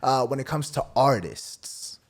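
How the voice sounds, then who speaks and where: A man's voice: medium pitch, expressive, a little slow. A man hosting a casual podcast interview, full of playful showman hype and slang. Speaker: podcast host.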